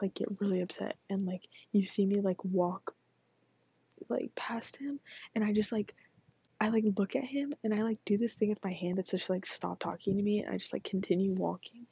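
A woman's voice: medium pitch, vocal fry, mellow, husky, dry recording, highs cut off. A teenage girl in a whispered role-play, rambling chattily through a story. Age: teens. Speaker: vlogger.

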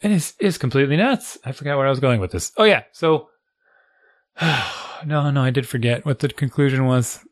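A middle-aged man chatting casually as a co-host, telling animated stories about his kids and acting out their lines. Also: mid-range voice, moderate pace, no echo, clean studio sound. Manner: animated storyteller, acts out quotes. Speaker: parent and co-host. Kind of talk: casual chat.

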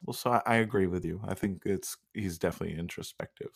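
A man's voice: low voice, quick pace, creaky, husky. A man in easygoing comedic chat, laid-back and hesitant, laughing often and trailing off with fillers.

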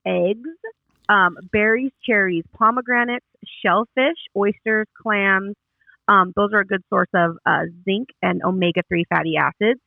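A man's voice: high voice, a little slow, vocal fry, dry recording. A man in casual chat listing tips one by one, tripping over long words, heard on a phone-like line. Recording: dry tinny phone-like line.

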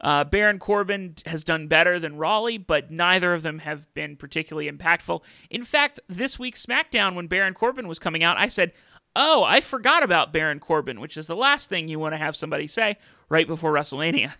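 Host type: bright, crisp male voice with gravelly fry, casual wrestling chat, dry close mic. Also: a little high, fairly quick, few pauses, no echo. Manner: chatty, with many fillers and restarts. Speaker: podcast host.

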